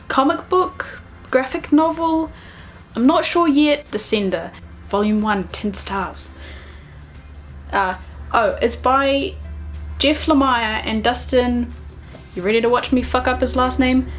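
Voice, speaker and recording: A woman talks to camera in a casual vlog. She is bubbly and excitable, laughs at herself, and speaks with a slightly high voice. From New Zealand. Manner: bubbly, excitable, self-deprecating, giggly. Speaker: book vlogger.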